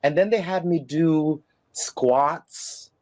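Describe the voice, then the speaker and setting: Slow and on the high side, a middle-aged man who once performed on stage tells stories in a casual interview. He's animated and laughs as he performs the voices of the people he quotes.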